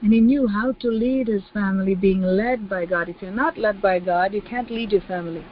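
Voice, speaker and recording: A woman's voice: medium pitch, moderate pace, narrow, tinny audio, a little hiss or hum. A woman preaching a sermon with emphasis, repeating key phrases and acting out the voices of the people she quotes.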